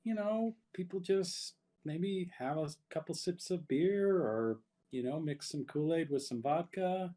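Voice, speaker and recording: A man's voice: fairly high pitch, unhurried, mellow, voice pushed up, lightly acted. A man playing a laid-back teenage boy who shrugs things off in a casual, filler-heavy way. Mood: shrugging.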